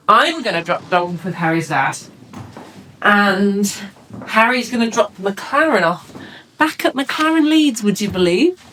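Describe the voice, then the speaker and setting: A woman's voice: mid-range voice, slight background noise. Bubbly woman vlogging. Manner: bubbly, excitable, chatty. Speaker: professional saxophonist and vlogger. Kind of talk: casual vlog chat. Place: in a car and out and about.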